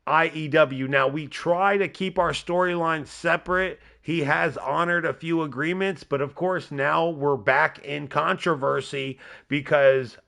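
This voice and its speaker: A man with a slightly high, nasal voice hosts a live wrestling game stream. He rambles excitedly through the play-by-play and calls out to his viewers as he goes. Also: unhurried, gravelly, hardly any pauses. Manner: excitable, rambling, talks to a chat member by name. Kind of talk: casual live gameplay commentary.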